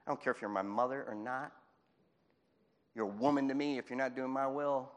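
A man's voice: mid-range voice, steady tone, a little fast, dull audio, close to an everyday voice. A man voicing Jesus as a stern adult man who rebukes and challenges, in raised, emphatic tones. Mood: challenging.

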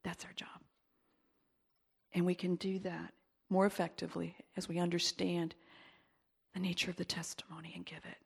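Gravelly-voiced woman preaching emphatically. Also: on the low side, little pitch movement, fairly quick. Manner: emphatic, breaks into whispers and rises to loud exclaiming in prayer. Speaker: pastor. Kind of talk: sermon and prayer.

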